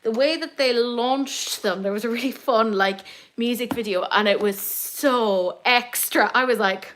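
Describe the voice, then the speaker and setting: An Irish woman with a somewhat high voice chatting casually through a live makeup stream at home. She wanders into rambling, self-deprecating asides. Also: expressive, moderate pace, a bit bright. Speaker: beauty YouTuber host.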